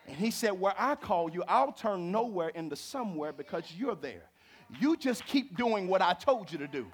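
A middle-aged man preaching from the pulpit in a high voice. He drops into low, conversational storytelling, then rises to fervent, ringing exhortation. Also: lively intonation, normal speed, breathy edge. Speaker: pastor. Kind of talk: sermon.

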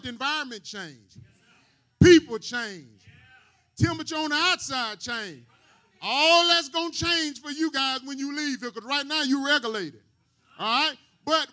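A man's voice: very high-pitched, bright, forceful tone. A man preaching a sermon to his congregation, talking casually and often asking them questions and waiting for them to answer. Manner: call-and-response preaching, asks the congregation questions. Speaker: pastor.

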